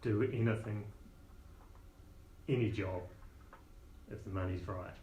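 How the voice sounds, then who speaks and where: A gruff, grizzled old orc who curses freely and calls everyone lads, as a man puts him on. His voice sits low, and the recording is roomy, with a faint hiss behind it. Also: takes it slowly, a little mellow, highs cut off. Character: old grizzled male orc brawler, blunt. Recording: roomy echo.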